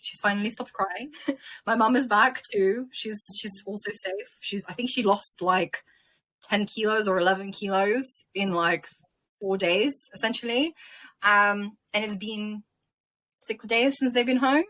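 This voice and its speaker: Young woman from ukraine, guest on an interview, bright sharp voice, emotional lively storytelling. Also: medium pitch. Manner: animated, emotional retelling with quick laughs.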